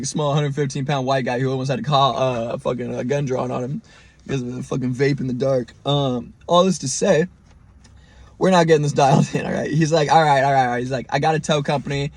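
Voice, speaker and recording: A young man hosting a podcast, telling a story in an animated, profane way and mimicking the people in it. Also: mid-range voice, fairly quick. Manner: animated, profane, mimics others in quoted lines. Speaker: podcast host. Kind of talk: storytelling monologue.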